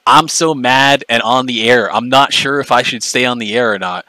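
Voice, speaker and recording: Forceful, profane man ranting on stream. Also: mid-range voice, normal speed, dry recording, rough recording. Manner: profane, mocking, confrontational. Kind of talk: angry livestream rant.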